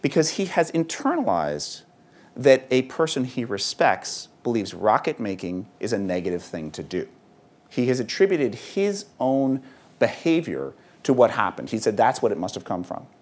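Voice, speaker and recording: A man giving a conversational public talk to an audience of parents, speaking in a lively way with frequent ums. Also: mid-range voice, moderate pace. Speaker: author and speaker at a parents' event. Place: event hall.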